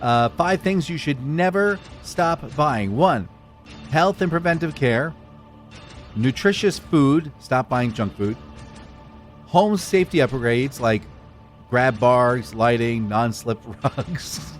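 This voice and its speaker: Speaking slowly in a mid-range voice, a middle-aged co-host goes through the news on a podcast in a casual, jokey style, full of animation and mock voices. Faint music sits behind the chat.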